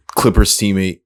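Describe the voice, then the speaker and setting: Casual male creator, lowish voice, self-mocking play-by-play of his own guesses. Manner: thinks aloud, self-mocking, excitable exclamations. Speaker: gaming creator. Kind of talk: casual gameplay commentary.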